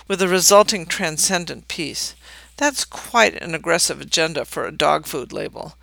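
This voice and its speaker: A man's voice: a little high, creaky, pushed and bright, no echo. A man reading a scripted essay aloud, with dry, wry humor and mock-grand readings of quoted text.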